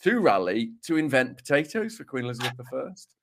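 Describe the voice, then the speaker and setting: A man's voice: medium pitch, big pitch swings, brisk, fairly bright tone, slight background noise. A man with a Dudley accent co-hosting a podcast, chatting casually, reading out listener letters and making playful, mock-serious jokes. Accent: Dudley, Black Country English. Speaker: podcast co-host.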